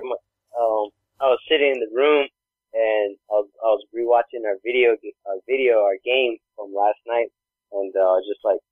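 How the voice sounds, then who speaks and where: A man's voice: medium pitch, no echo. A man co-hosting a casual chat, telling rambling stories and acting out other people's voices. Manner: rambling storyteller, acts out voices. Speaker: podcast co-host. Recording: dry, phone-like narrow sound.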